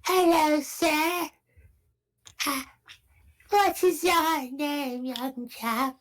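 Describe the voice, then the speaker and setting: A woman voicing a frail, polite old woman who talks in halting, quavering phrases during a tabletop game. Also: high voice, steady tone, pitched above the performer's own voice. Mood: doddering polite. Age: older. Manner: quavering, halting, drawn-out pauses.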